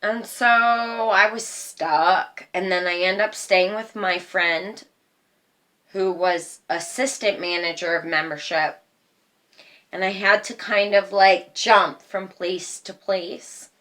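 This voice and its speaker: Woman, mid-pitch, unhurried personal storytelling, halting with fillers. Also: sharp tone. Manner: slow, halting retelling with many fillers. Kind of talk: personal life story, casual.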